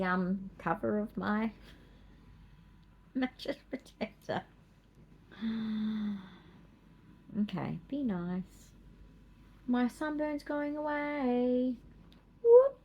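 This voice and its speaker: A woman's voice: mid-range voice, a little hiss or hum. An Australian woman vlogging in a rambling, chatty way, with playful asides and small laughs. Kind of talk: casual chat.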